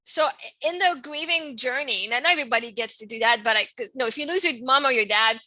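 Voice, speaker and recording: A middle-aged French Canadian woman hosts her own podcast, talking in a loose, rambling monologue that keeps circling back to "right?" Her voice sits high and sounds bright, and it swings between soft, hushed stretches and loud outbursts. The recording is dry and close. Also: quick pace, dry recording, poor audio. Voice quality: expressive, laughs often, swings from soft to loud. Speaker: podcast host. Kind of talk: casual personal monologue.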